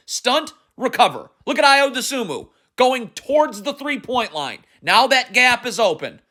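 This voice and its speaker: A man's voice: high voice, pushed and bright. A man angrily breaking down basketball game film, alternating between furious rants and instructive coaching explanations. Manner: furious, ranting, exasperated. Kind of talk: angry film-study commentary.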